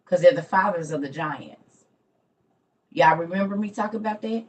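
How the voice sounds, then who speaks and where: A woman's voice: on the low side, normal speed, poor audio. Chatty woman on a livestream. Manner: chatty, addresses viewers as y'all. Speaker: livestream host. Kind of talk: casual morning livestream chat. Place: home room.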